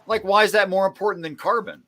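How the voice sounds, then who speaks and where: A man's voice: high voice, steady tone, quick pace, fairly bright tone. A man hosting a casual debate, quizzing the other side with a string of rhetorical questions. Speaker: host.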